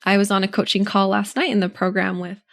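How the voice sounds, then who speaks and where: A woman's voice: medium pitch, flat delivery, fast, gravelly. A young adult woman hosting a solo coaching podcast, talking earnestly and encouragingly, often acting out the thoughts in a listener's head.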